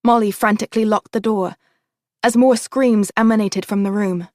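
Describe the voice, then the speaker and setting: A woman reads scripted audiobook narration in a steady, even storytelling style. Her pitch is medium and her speed normal, captured in studio quality with no echo.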